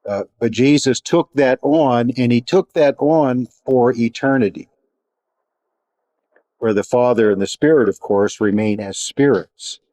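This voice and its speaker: Guy leading a bible study, calm and thoughtful, average voice, dry no-echo room. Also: mid-range voice. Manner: measured, reflective teaching with pauses and restarts.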